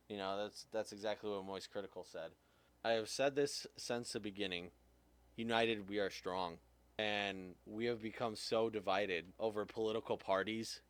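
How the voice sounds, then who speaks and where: A man's voice: fairly low pitch, expressive, moderate pace, a bit bright, clean tone, no room sound. A man hosting a podcast, ranting heatedly, swearing often, his voice jumping up when he gets angry. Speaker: podcast host. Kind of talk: impassioned rant.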